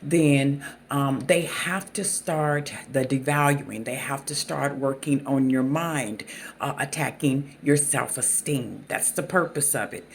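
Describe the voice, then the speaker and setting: A host with a Southern US accent and a gravelly, creaky voice talks to camera without a script. The speech is halting and full of fillers and restarts, at a middle pitch. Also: slight background noise. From Southern United States. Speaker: channel host. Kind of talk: unscripted talk to camera.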